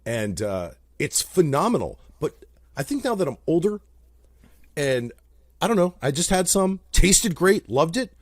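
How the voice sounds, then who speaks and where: A man's voice: on the high side, big pitch swings, unhurried, no room sound. A man from New Jersey co-hosting a podcast in casual chat, joking and swearing freely. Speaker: podcast co-host.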